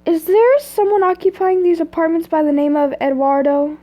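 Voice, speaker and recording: A woman's voice: extremely high pitch, fairly even intonation, moderate pace, warm tone, pitched above the performer's own voice. A woman reading the lines of a nervous young British man in a green hoodie in a read-aloud story. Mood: guarded.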